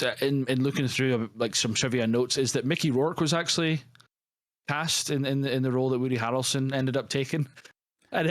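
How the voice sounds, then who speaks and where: A man co-hosting a film podcast, rambling and hedging as he works through his opinions. His voice is mid-pitched. It is recorded dry and close, with no room sound. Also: dry recording. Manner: rambling, hedging with many restarts. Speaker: podcast co-host. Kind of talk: casual film discussion.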